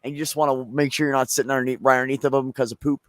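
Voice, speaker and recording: This co-host from Pennsylvania talks rapid-fire in a mid-range voice, rambling through a profane story and animatedly voicing its characters. The recording is dry and studio quality.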